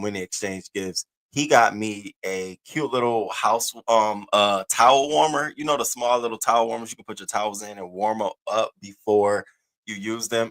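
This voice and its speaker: A man's voice: lowish voice, fairly bright tone. A man in his thirties hosting a casual live stream, candid and profane, swinging between laughing and heavy moments. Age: 30s.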